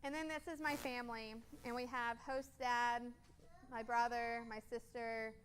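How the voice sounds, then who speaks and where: A woman's voice: fairly high pitch, fairly even intonation, measured pace, a little hiss or hum. A woman in her twenties, a guest speaker at a church, telling a personal story over photos in an earnest, casual way with frequent ums.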